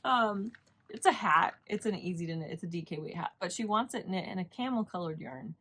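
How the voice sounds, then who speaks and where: A woman's voice: fairly low pitch, expressive, a little fast, sharp tone. Chatty woman hosting a knitting podcast. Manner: chatty, rambling, laughs often. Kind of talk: casual chat.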